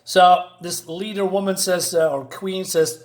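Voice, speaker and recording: Male comic reviewer, higher-pitched voice, sarcastic and dismissive, loose rambling delivery, casual home setup. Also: fairly even intonation, unhurried.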